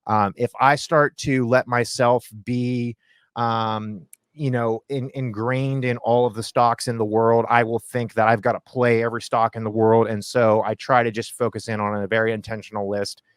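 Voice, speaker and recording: A man from Ohio explaining his trading in a relaxed, rambling way, full of fillers and self-corrections. His voice sits in a middle pitch. The sound is dry and close, like a video call. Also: moderate pace, clean tone, no room sound. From Ohio, USA. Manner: rambling, many fillers and restarts. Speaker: guest options trader. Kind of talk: casual conversational explanation.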